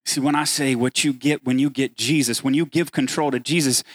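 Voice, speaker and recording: A man's voice: mid-range voice, steady tone, fairly quick, no echo. A man preaching a sermon as pastor, earnest and building to emphatic peaks as he voices the words of scripture.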